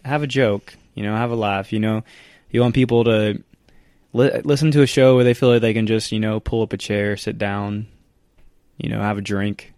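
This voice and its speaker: A man's voice: lowish voice, steady tone, moderate pace, a little mellow, clear, resonant tone, no room sound, clean studio sound. A young man co-hosting a casual podcast, joking, rambling and fond of puns. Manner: joking, pun-loving, rambling. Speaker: podcast co-host.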